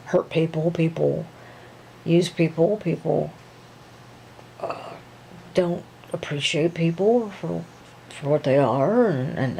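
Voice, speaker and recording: A woman voicing a gentle young male dancer who speaks slowly and soothingly, hesitating with many ums. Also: low voice, slight background noise, poor audio. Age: young adult.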